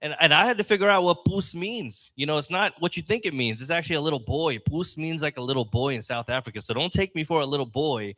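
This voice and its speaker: A man's voice: fairly high pitch, quick pace, few pauses, a bit bright. A man doing a loose, rambling stand-up set on a lounge stage mic. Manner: rambling, loose, chatty delivery. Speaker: open mic comedian.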